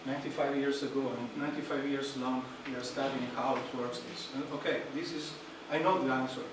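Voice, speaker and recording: A man's voice: medium pitch, fairly even intonation. Man lecturing in an echoey hall. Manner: halting, searching for words, many fillers. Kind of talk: public lecture. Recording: echoey hall, distant, noisy.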